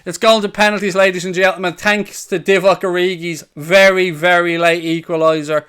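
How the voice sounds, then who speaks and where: A man hosting a live football watchalong, excitable, swearing and shouting over the action. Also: high voice, normal speed, clear, resonant tone. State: out of breath. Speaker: watchalong host.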